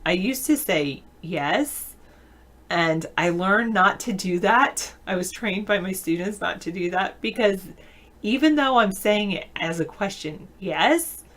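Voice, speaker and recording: A woman's voice: medium pitch, unhurried, fairly bright tone. A woman hosting a casual live video chat, reading viewer comments aloud and answering them with frequent laughs. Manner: laughs often mid-sentence. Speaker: show host.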